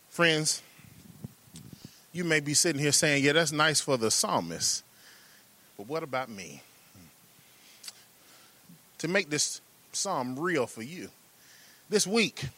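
A preacher man with a high, bright, ringing voice. He builds rhythm through repeated phrases and stretched-out words, then breaks into folksy asides to the congregation. It's an emphatic, driving sermon delivery.

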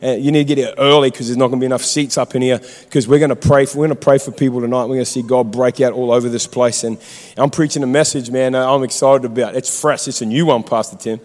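A man's voice: medium pitch, fairly even intonation, fast talker, a little mellow, long reverb tail. A man preaching a sermon in a church, fired up and exhortative, calling out to the congregation. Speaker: pastor.

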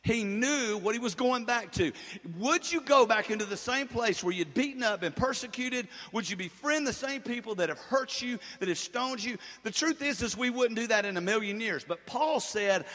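A man's voice: extremely high pitch, normal speed, sharp tone, long reverb tail. A man pastor preaching a sermon to his church, with call-and-response and fervent emphasis. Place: church sanctuary.

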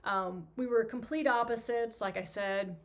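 A woman's voice: a little high, unhurried. A woman, hosting a podcast and casually telling a story about her career, chatty and self-deprecating with lots of fillers. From New York. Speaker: podcast host, physical therapist.

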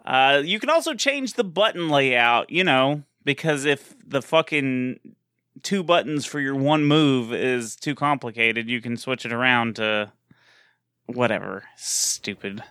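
A man's voice: medium pitch, a little slow, bright, forceful tone, clear, resonant tone, no echo, studio quality. A man from Texas, co-hosting a casual gaming podcast, laughing often and swearing casually. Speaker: podcast co-host.

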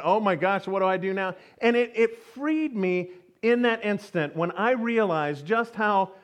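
A man preaching a sermon, telling a personal story in a lively, self-mocking way with frequent laughter and acted-out quotes. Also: sits high. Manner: animated storytelling, acts out his own voice in quotes. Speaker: pastor.

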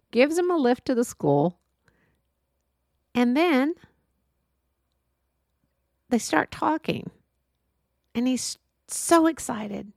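An earnest middle-aged woman delivers a heartfelt monologue, now and then acting out the voices in her story. Her voice has a gravelly edge. The recording is close and dry, with no room sound. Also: a little high, no room sound. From Texas. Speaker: podcast host.

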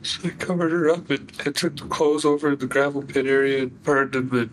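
A young man recounting events in a halting, flat way with many fillers, in a recorded interrogation. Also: mid-range voice, slight background noise, low-quality recording. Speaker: suspect giving a confession.

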